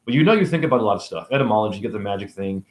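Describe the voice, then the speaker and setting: A man's voice: fairly low pitch, expressive, very fast. A man giving a rambling spiritual monologue to camera, jumping from topic to topic, talking in circles and swearing freely. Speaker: spiritual video creator. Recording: echoey room.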